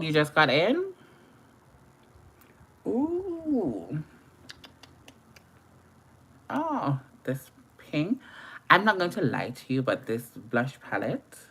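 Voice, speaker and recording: A woman's voice: rumbling low, fairly bright tone. A young woman chatting playfully through a live makeup tutorial and greeting viewers as they join. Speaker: makeup livestreamer.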